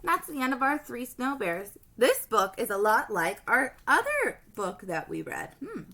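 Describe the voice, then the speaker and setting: Slow, lively-voiced woman teacher reading aloud. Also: fairly high pitch. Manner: gentle, asks the children questions. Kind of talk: storybook read-aloud for young children.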